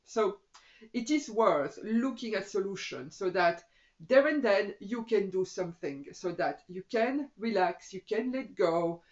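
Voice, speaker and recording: A woman's voice: medium pitch, muffled recording. A middle-aged woman yoga teacher giving casual tips to camera in a chatty way, often saying "you know".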